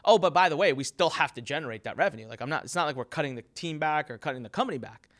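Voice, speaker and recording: Man, high-pitched, motivational business talk, emphatic, energetic, storytelling. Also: very fast. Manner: emphatic and energetic, acts out quotes. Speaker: entrepreneur giving business advice.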